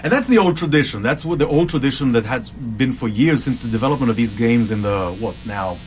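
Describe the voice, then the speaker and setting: A man's voice: medium pitch, lively intonation, brisk. A middle-aged man hosting a casual chat about games, talking in long rambling stretches with restarts and tangents. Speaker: podcast host. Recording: faint background noise.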